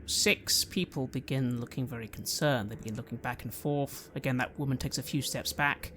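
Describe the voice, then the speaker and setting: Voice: medium pitch, normal speed, slight background noise. A game master narrating scenes and calling for dice rolls in a tabletop game. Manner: lively descriptive narration.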